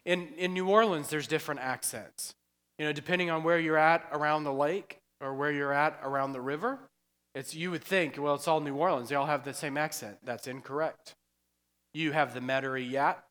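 A man's voice: a little high, fairly quick, fairly bright tone, big-room sound. A man preaching a casual, joking sermon in a church, breaking into chatty asides and laughing often. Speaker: pastor. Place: church sanctuary.

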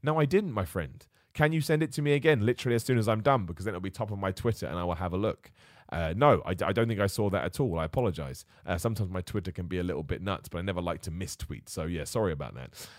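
A man hosts a live wrestling podcast in a chatty, rambling way, reading viewer comments aloud as he goes. He talks quickly and keeps up a steady stream of chat. The sound is dry and close, with no room echo. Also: sits low.

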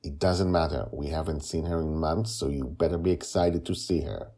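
A man's voice: rumbling low, moderate pace, dark tone. A man with a cold voicing a firm, matter-of-fact grandmother, his voice nasal.

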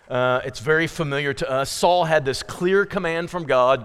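A man's voice: medium pitch, a bit bright, clean tone, in a large hall. A man preaching a sermon earnestly, reading scripture aloud with emphasis. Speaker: pastor.

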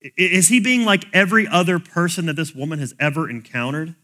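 Pastor, male, slightly high bright voice, casual preaching delivery. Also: brisk. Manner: conversational preaching, plain everyday phrasing. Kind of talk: sermon.

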